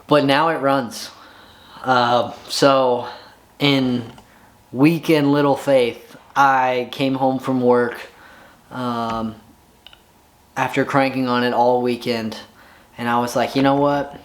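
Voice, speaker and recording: Male vlogger, middle pitch, exasperated and excitable, rambles about his bike in a home garage. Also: slow pace, long pauses. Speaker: home motorcycle mechanic. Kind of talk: casual vlog.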